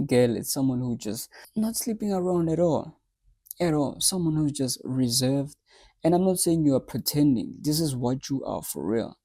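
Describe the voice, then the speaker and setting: A man's voice: mid-range voice, creaky, warm tone, dry recording. A man hosting a reaction video, giving blunt, lecturing commentary.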